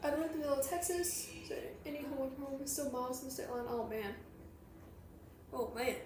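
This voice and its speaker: This high-pitched Southern woman from Georgia, USA, streams herself crocheting and chatting casually, talking quickly and ramblingly as she reads and answers chat. The room is echoey and the background noisy.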